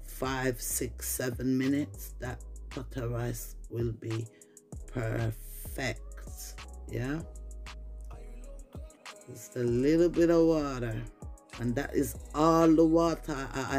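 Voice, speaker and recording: A cooking vlogger with a Jamaican accent casually demonstrates a recipe in her kitchen, chatting to viewers in patois-laced English. Her voice is extremely low and darkish in tone.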